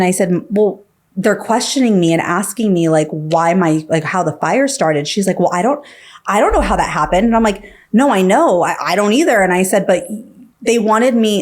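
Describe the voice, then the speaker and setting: A woman's voice: medium pitch, a little mellow. A woman guest on a podcast, telling her story casually, full of fillers and acting out what others said. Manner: filler-heavy, acts out quoted dialogue.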